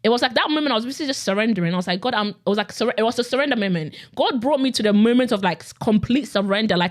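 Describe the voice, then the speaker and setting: A woman's voice: on the high side, expressive. A young adult woman telling her personal faith testimony in a casual, conversational way, full of "like" and repeated phrases. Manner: rapid, conversational, with frequent "like" and repetition. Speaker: podcast host sharing her testimony.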